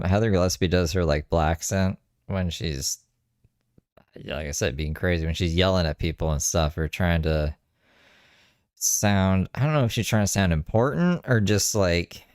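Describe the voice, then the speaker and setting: A man's voice: sits low, no echo, clean studio sound. A man giving casual, sarcastic running commentary over clips he is watching. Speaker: commentary streamer.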